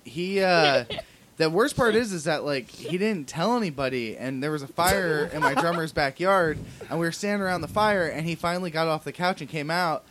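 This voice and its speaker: A man telling an animated story among friends, laughing as he talks. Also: fairly high pitch, normal speed, heavy background noise. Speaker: musician guest.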